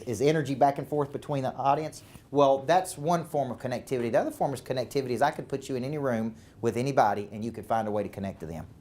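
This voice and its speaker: A man's voice: medium pitch, a little mellow. Southern male sales coach, emphatic talk with repeated words and rhetorical questions. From Tennessee.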